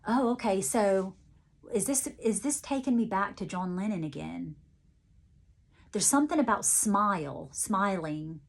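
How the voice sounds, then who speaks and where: Woman psychic medium, channelled reading; halting first-person relaying, lots of restarts, light playful asides, mid-pitched voice. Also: lively intonation, creaky.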